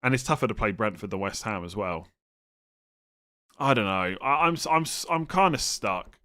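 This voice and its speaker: A man's voice: fairly low pitch, expressive, moderate pace, pushed and bright. A man chatting casually on a live stream, thinking aloud and answering viewers' questions, often hesitant and now and then exasperated. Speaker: fantasy football streamer answering chat.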